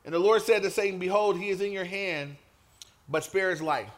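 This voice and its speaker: A man preaching a sermon to a men's gathering, lively and conversational, often calling out for an amen. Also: high voice, a little fast. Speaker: pastor.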